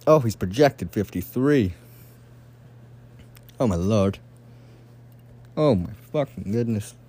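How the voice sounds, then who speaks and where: A young man talks fantasy football picks on his own, cursing freely and rambling as he gets worked up. His voice sits a bit low and sounds mellow and dark. He jumps between excited bursts and offhand asides. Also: takes it slowly, husky. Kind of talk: casual solo commentary.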